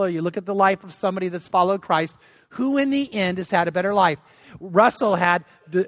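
A man's voice: high-pitched, a bit bright, no echo, studio quality. An older man preaching a sermon as pastor, earnest and emphatic, often repeating words as he restarts.

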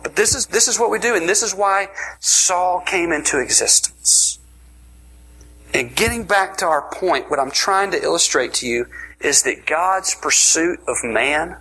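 A man preaching a sermon in an energetic, emphatic way, often repeating words as he builds his point. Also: a little high, unhurried, breathy edge, low-quality recording.

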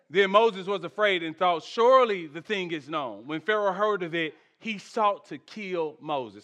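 High, bright-voiced preaching pastor. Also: male voice, normal speed, hardly any pauses. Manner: animated preaching, swings from shouted peaks to soft asides; humorous, conversational asides to the congregation. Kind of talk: sermon.

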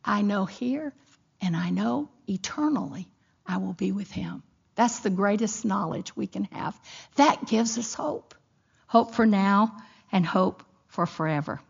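A woman's voice: medium pitch, measured pace, gravelly, husky. A middle-aged woman giving a sermon with a personal story, telling it expressively and acting out the voices in her quotes. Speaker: women's Bible teacher. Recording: dull lo-fi recording.

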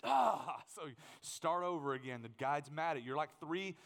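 Guy preaching with jokes and stories, kinda high voice, big echoey church hall. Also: normal speed, creaky. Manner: animated, humorous, acts out scenes. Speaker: pastor. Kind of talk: sermon with storytelling. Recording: long hall reverb.

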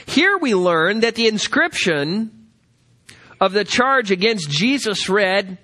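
A man teaching a Bible study lecture, directing listeners to passages and reading scripture aloud slowly with emphasis. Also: sits high, very animated, bright, forceful tone.

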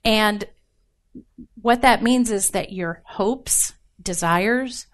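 A woman's voice: mid-range voice, drawn-out words. Woman preaching to a crowd, chatty and funny, asks for amens. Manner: animated, joking, asks audience for responses. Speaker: women's ministry speaker. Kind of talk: informal sermon.

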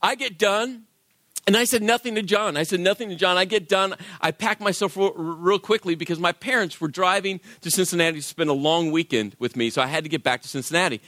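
A man with a high, brisk voice, a worship leader, tells a personal story as a sermon and animatedly acts out the voices of the people in it. There's no room sound.

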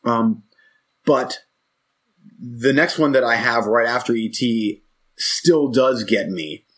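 A husky-voiced man in his forties chats casually as a podcast co-host. He rambles and reflects, often stopping mid-thought to start a sentence over. His pitch sits in an ordinary middle range. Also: takes it slowly. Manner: rambling, reflective, self-interrupting. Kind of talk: casual chat.

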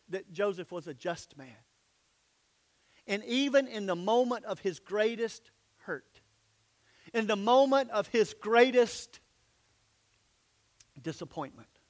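A man preaching a sermon as a pastor, telling the story dramatically and dropping suddenly to near-whispers. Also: high voice.

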